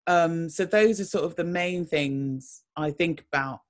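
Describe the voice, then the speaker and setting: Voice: medium pitch, measured pace. A casting director answering interview questions in a thoughtful, rambling way, full of fillers and restarts.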